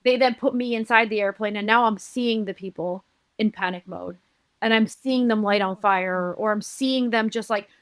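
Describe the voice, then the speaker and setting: A woman from Uruguay, a podcast guest, telling a personal story in an earnest, halting way with many restarts. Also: medium pitch, fairly bright tone, no room sound.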